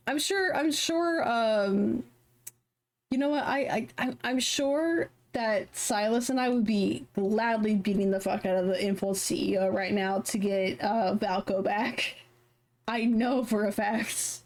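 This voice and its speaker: A woman's voice: mid-range voice, fairly even intonation, a little slow, darkish tone. A woman streamer in casual live-stream chat, rambling with lots of fillers and restarts, heated and passionate.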